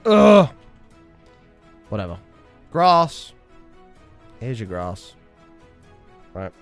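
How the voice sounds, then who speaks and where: A man's voice: medium pitch, very animated, normal speed, a bit bright, faint music behind. A young man streaming, telling a rambling story and chatting casually, swearing freely. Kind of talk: casual livestream chat.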